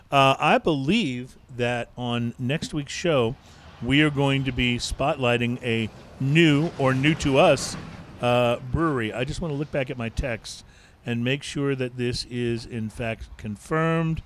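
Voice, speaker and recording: A man's voice: medium pitch, a little slow. A man co-hosting a casual show, easygoing, thanking people and plugging upcoming episodes. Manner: easygoing, wraps up with thanks and plans. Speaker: podcast co-host. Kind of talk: casual chat. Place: bar or taproom.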